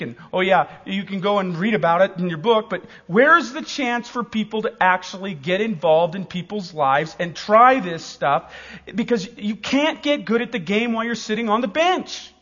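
A man in his forties preaching a sermon in an animated, emphatic, joking way. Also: sits high, moderate pace, in a large hall, lo-fi sound.

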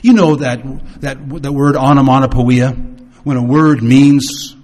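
A man preaching and teaching with storytelling. He swings his pitch and volume for dramatic effect. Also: fairly even intonation, a little slow, darkish tone. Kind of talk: sermon-style teaching.

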